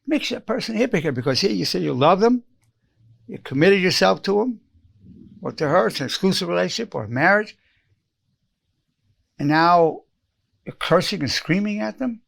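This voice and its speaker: A man's voice: high voice, expressive, normal speed, creaky, long pauses, fairly bright tone. A man in his eighties, a psychologist giving an earnest spoken self-help lesson, repeating lines for emphasis and acting out quoted phrases. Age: 80s.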